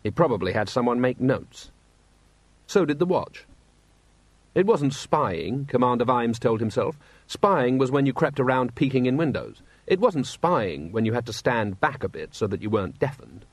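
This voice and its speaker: A man reading a story aloud in a wry, steady narrating voice, acting out the characters. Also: mid-range voice, normal speed, slightly rough, dry recording. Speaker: audiobook narrator. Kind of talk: scripted narration.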